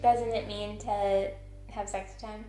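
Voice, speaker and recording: A woman's voice: medium pitch, little pitch movement, measured pace, warm tone. A woman from the United States with an American accent, co-hosting a casual vlog in a playful, giggly way. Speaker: co-host. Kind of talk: casual chat. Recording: echoey room with faint music.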